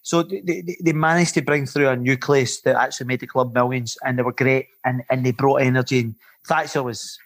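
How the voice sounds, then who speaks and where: A middle-aged man, a former footballer turned coach, telling swearing, animated stories with laughter on a podcast. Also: medium pitch. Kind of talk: podcast storytelling.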